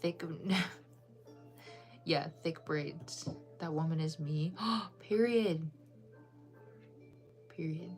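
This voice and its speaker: A woman's voice: low voice, extremely slow, pauses often, a little mellow, soft background music. A woman chatting casually with viewers on a live stream, bubbly and full of "like" fillers.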